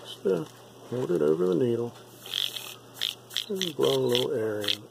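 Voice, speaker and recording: A man giving a relaxed, step-by-step painting tutorial, repeating himself and checking in with "okay?" often. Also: medium pitch, moderate pace, vocal fry, very noisy. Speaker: miniature painting instructor.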